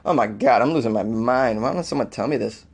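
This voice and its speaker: A man's voice: mid-range voice, a little fast, darkish tone, slightly rough. A man hosting a comedic weird-news podcast, reacting with incredulous laughter and riffing loosely between read-outs. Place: Los Angeles.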